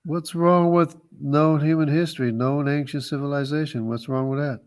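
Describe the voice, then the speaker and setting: A man's voice: on the high side, steady tone, normal speed, darkish tone, clear, resonant tone. A man in a heated debate who defends his view and keeps repeating his questions to the other speaker. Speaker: debate participant.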